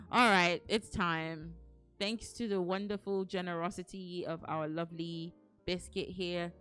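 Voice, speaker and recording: A woman's voice: on the low side, steady tone, measured pace, a bit bright, faint music behind. A woman streamer chatting casually with her viewers, playful and teasing, putting on mock anger and laughing often. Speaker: streamer reading to chat.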